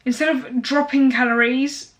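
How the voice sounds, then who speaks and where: A woman's voice: sits high, level tone, normal speed, a bit bright. A young woman talking casually to camera as a fitness vlogger, blunt and motivational, with lots of fillers.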